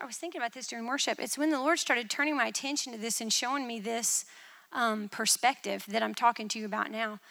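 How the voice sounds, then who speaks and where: A woman preaching a testimony in a church, telling a vision with animated, dramatic storytelling. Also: a little high, vocal fry, long reverb tail.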